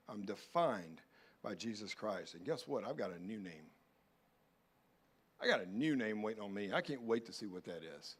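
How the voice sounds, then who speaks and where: A male pastor preaching a sermon, dropping to soft, close pleas and then rising to loud, urgent calls. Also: fairly low pitch. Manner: swings from hushed pleading to loud urgent calls.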